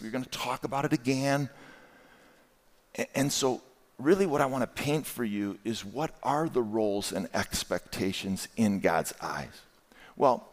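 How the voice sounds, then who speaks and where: A middle-aged man preaching a sermon as a guest speaker, animated and asking the congregation questions. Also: mid-range voice, big-room sound. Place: church.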